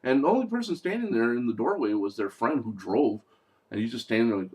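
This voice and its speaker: A man's voice: medium pitch, sing-song, fast talker, darkish tone. A young man giving a casual, mocking movie review, talking loosely and acting out lines.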